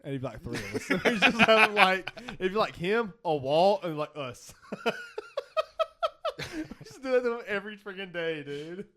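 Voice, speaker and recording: Co-host type: quick-talking man, swings his pitch all over, swears and laughs mid-story. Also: expressive, sharp tone, a little hiss or hum. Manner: laughs through his stories, swears freely. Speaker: podcast co-host. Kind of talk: casual podcast chat. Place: podcast studio.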